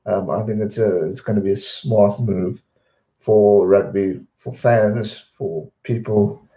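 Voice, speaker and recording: A man hosting a livestream, casually chatting and answering viewers' questions with a rambling, relaxed manner. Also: fairly low pitch, takes it slowly, roomy sound, muffled recording. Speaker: livestream host.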